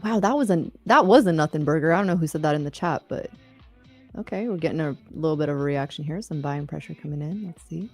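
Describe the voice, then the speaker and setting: A woman co-hosting a live trading stream, upbeat and quick to laugh, calling the market as it moves. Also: low voice, a little mellow, soft background music. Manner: upbeat, laughs often, cheers on winners. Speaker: co-host of a live trading show. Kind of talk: casual live-stream banter and market commentary.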